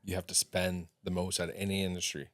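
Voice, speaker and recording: A man's voice: low voice, flat delivery, fast talker, dry recording, studio quality. A man, a bakery co-owner, making brief matter-of-fact remarks as a podcast guest. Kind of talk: casual podcast interview.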